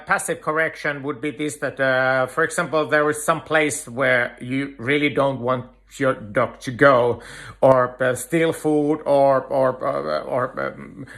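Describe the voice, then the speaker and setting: A man giving an earnest dog-training lecture, talking in halting phrases full of "uh" fillers. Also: medium pitch, creaky, a bit bright. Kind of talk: instructional lecture.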